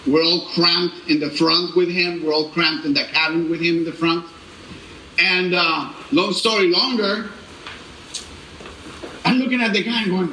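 A man giving an animated, storytelling testimony with laughter and halting restarts, in a church. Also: on the high side, slight background noise. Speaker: speaker giving a personal testimony. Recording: echoey room with faint ambience.

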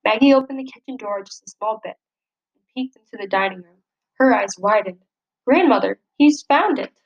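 A woman reading a children's picture book aloud, gently expressive and lifting her voice for the characters' lines. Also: medium pitch, a little fast, lo-fi sound. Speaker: storybook reader.

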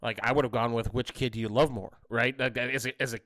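A man in his thirties, a podcast co-host, telling a story in casual chat and jumping into high voices to quote his kids. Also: fast, no echo. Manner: animated, jumps to high voices when quoting his kids.

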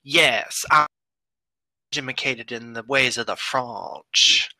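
A man's voice: mid-range voice, slow pace, sharp tone, no echo, poor audio. A young man from the United States, co-hosting a casual podcast chat with a jokey, self-mocking manner. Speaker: podcast co-host.

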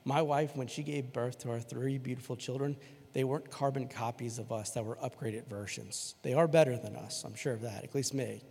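A man preaching a sermon to his church in a casual, conversational way, switching between loud emphasis and quiet, earnest stretches. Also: mid-range voice, steady tone, fairly quick, creaky, husky. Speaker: pastor. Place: church sanctuary. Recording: long hall reverb in a church.

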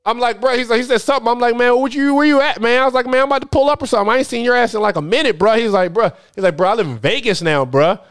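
A young man on a podcast, telling a wild story in casual slang and acting out his friends' lines with animated energy. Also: very high-pitched, fast, few pauses, clear, resonant tone. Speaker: podcast co-host.

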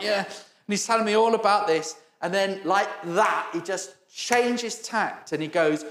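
A man's voice: high-pitched, moderate pace, fairly bright tone, reverberant. A middle-aged man preaching a storytelling sermon, chatty and self-mocking and often laughing. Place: church hall.

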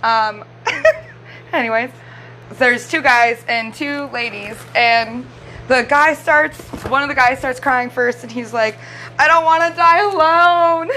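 A woman co-host chatting casually about a film. Her voice is high and bright, often breaking into giggles as she acts out lines. Faint noise sits in the background. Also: slow pace, low-quality recording. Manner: giggly, retells scenes with acted lines. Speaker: podcast co-host. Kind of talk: casual chat about a movie.

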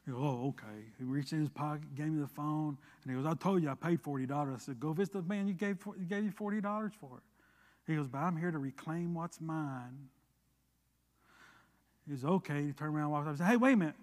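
High-voiced preacher in a reverberant church. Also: male voice, a little fast. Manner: preaching with rising emphasis, then relaxed storytelling with quoted dialogue. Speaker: pastor. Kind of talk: sermon with a personal story.

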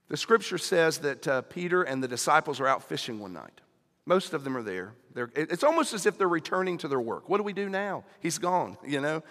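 A pastor preaching a sermon, retelling scripture in a conversational storytelling way and acting out the dialogue. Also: male voice, a little high, fairly bright tone, long reverb tail.

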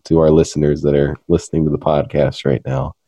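Young guy hosting a podcast, low and mellow, keeps cracking jokes and laughing. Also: little pitch movement, fairly quick, slightly rough. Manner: laughs often, joking and self-mocking. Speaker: podcast host. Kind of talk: casual podcast chat.

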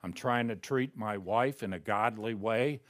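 A man's voice: fairly low pitch, unhurried. Man preaching a sermon, pulpit voice. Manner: swings between raised emphatic reading and hushed prayerful murmur. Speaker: pastor.

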